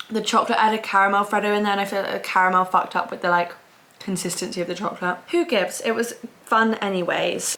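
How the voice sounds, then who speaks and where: Chatty, excitable young woman vlogging. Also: on the low side. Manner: chatty and excitable, with frequent fillers and exclamations. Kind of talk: casual vlog chat. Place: outdoors on a walk and indoors at home.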